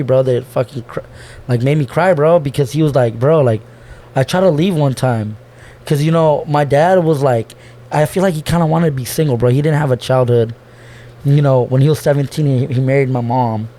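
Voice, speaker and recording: A man's voice: medium pitch, steady tone, fairly quick, warm tone. Young man talking slangy and heartfelt. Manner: loose slangy talk, says bro constantly, swears, restarts; emotional, opening up about family. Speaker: podcast guest. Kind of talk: casual heartfelt conversation.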